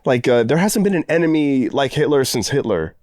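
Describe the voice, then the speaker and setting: A man on a casual podcast whose pitch swings widely as he makes jokes and chats. His voice sits in a middle register and sounds dry and close to the mic. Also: fairly quick, dry recording. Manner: joking, offhand, very lively intonation. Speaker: podcast co-host.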